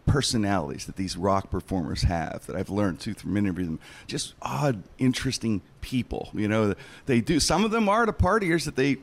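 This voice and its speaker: A man's voice: lowish voice, big pitch swings, brisk, few pauses. A man hosting a podcast, chatting casually and joking with his guests. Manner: rambling, joking, restarts his sentences. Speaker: podcast host. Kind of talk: casual chat.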